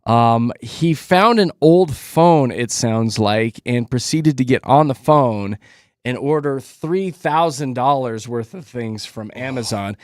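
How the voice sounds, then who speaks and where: A man's voice: mid-range voice, lively intonation, slow, no echo, studio quality. A man hosting a radio morning show, reading news bits in jokey, teasing banter. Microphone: studio microphone.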